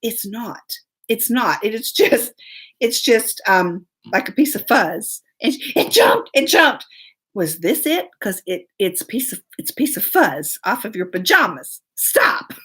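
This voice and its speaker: A woman's voice: mid-range voice, animated, measured pace, fairly bright tone, slightly rough. A woman hosting a live show, telling a long story in a chatty, laughing way and greeting commenters as she goes. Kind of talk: casual storytelling live stream.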